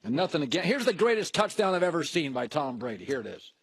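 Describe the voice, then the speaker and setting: A man's voice: fairly high pitch, big pitch swings, fast, breathy edge, dry recording. A man hosting a sports talk show, arguing emphatically and mocking the other side as he rattles off lists. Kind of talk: heated sports debate.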